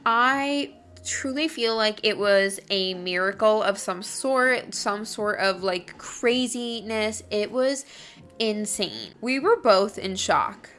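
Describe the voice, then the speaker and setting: A young woman hosting a podcast, telling a personal story in a gushing, excitable way with lots of "like". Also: mid-range voice, takes it slowly, faint music behind. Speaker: podcast host. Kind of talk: casual storytelling.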